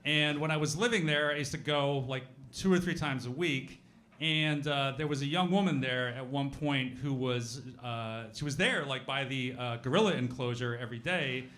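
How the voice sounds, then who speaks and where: Bright-voiced rambling storyteller man. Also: medium pitch, normal speed. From Denver, USA. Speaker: guest player. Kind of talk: live-stage anecdote telling. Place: live stage show.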